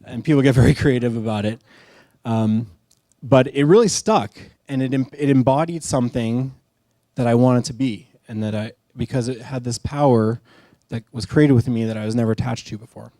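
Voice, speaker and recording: A man's voice: mid-range voice, normal speed, mellow, dry recording, studio quality. A middle-aged man telling a candid, self-deprecating personal story on stage at a live storytelling event.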